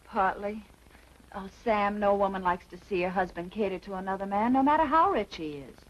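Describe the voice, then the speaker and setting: An actress playing a sweet, soft-spoken young wife who is troubled, in 1940s film acting. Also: female voice, medium pitch, brisk, natural voice, low-quality recording.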